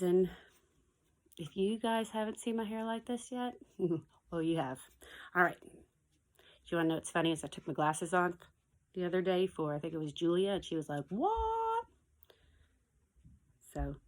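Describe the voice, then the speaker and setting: A woman teacher talking casually to her pupils from her home basement, chatty and digressive, reading a picture book aloud with playful animal sound effects. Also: fairly low pitch. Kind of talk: casual video message and read-aloud for pupils.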